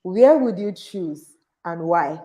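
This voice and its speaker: A woman's voice: lowish voice, lively intonation, slow pace, mellow. A woman hosting a live podcast interview, chatty and laughing often. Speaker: podcast host.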